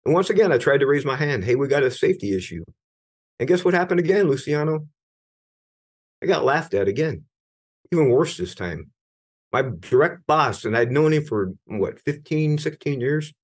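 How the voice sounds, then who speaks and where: A man's voice: a little high, animated, moderate pace, breathy edge. Earnest middle-aged man recounting his story. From United States. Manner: earnest, grows emphatic, many restarts. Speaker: guest, retired Navy senior chief. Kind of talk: candid personal storytelling.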